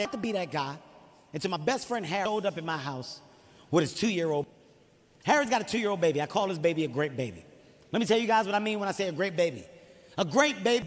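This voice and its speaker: A man in his forties doing stand-up comedy on a theater stage, telling an animated, profane story and acting out the voices of the people in it. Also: high voice. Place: theater stage before an audience. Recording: live hall reverb, faint ambience.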